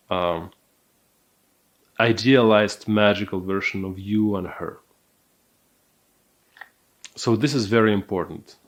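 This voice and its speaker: A man teaching a recorded dating course, speaking in a calm, deliberate, measured way. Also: on the low side. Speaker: dating coach.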